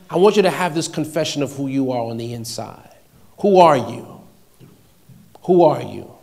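A man preaching a sermon to a congregation, emphatic and repetitive, swinging between quiet, intimate lines and loud declarations. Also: mid-range voice, vocal fry.

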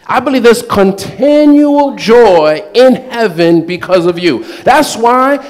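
Male preacher, high voice, lively and playful in delivery. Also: slow pace. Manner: animated, playful, acts out quoted voices with laughter. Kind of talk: sermon.

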